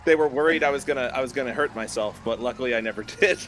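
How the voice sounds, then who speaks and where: A young man streaming a game, chatting casually and telling animated stories, laughing often. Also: mid-range voice, rapid-fire, slight background noise. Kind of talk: casual chat while gaming.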